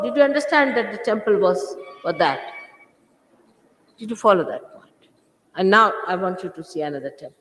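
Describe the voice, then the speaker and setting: A woman, a spiritual teacher scolding her followers with emphatic rhetorical questions. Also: medium pitch. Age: 60s. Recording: echoey hall, old 1980s recording.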